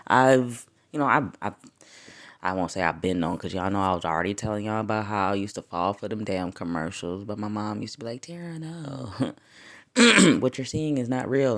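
A woman talking straight to her podcast listeners in a relaxed, unscripted monologue. She tells stories with lots of energy, curses freely, laughs a lot, and her voice jumps up and down in pitch and loudness. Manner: animated storytelling with profanity and frequent laughs; wide swings in pitch and loudness. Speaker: podcast host. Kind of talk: casual spiritual podcast monologue.

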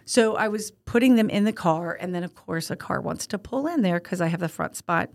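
An older woman co-hosting a casual podcast, telling stories in a rambling, animated way with many restarts. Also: on the low side, brisk. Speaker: podcast co-host.

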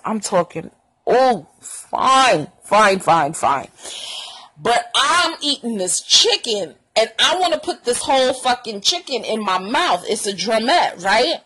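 A young woman telling a casual, profane story vlog, acting out quoted lines with lively pitch jumps. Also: slightly rough, poor audio. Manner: animated, profane, acts out quotes in a higher voice.

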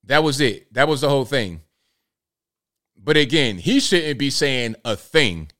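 A man's voice: mid-range voice, expressive, unhurried, fairly bright tone. A man hosting a casual live stream commentary, talking straight to viewers in folksy slang.

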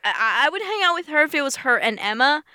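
A young woman co-hosting a podcast, chatting casually with quick asides and some swearing. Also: sits high, very animated, pushed and bright, a little hiss or hum. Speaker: podcast co-host. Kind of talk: casual chat.

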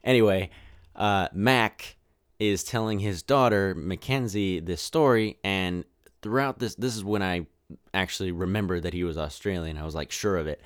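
A man's voice: low-pitched, moderate pace, no room sound, studio quality. A man hosting a podcast, giving a casual, rambling movie review with lots of restarts. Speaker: podcast host.

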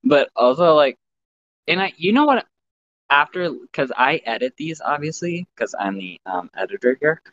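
A man in his thirties co-hosting a casual podcast, joking and often jumping into high-pitched impressions. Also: moderate pace, highs cut off. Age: 30s. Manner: animated, jokey, slips into high-pitched impressions. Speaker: podcast co-host and editor.

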